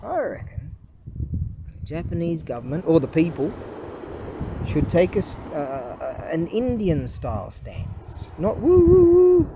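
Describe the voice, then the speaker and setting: A man's voice: fairly high pitch, big pitch swings, unhurried, highs cut off, background noise. A man in a casual, profane, rambling rant, talking in a scornful way. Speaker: vlogger.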